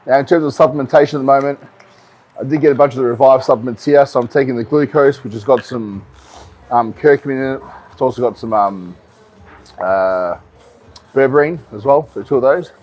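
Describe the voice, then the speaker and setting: Male bodybuilding coach, casual vlog delivery, relaxed and explanatory, average pitch. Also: brisk. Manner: relaxed, explanatory, with frequent ums and repeats. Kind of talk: casual vlog talk to camera.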